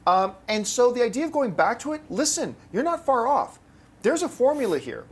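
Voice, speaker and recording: A man hosting a casual movie news panel, arguing his points with animated bursts of emphasis. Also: very high voice, moderate pace, slightly rough.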